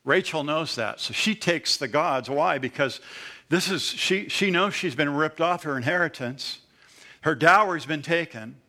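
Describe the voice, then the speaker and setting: A man's voice: a little high, unhurried, sharp tone. A man preaching an expository sermon in an earnest, conversational way, with sudden emphatic rises.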